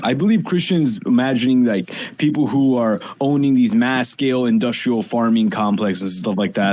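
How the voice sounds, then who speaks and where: Calm man stepping in to mediate. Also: mid-range voice, poor audio. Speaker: participant. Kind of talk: casual debate on a call.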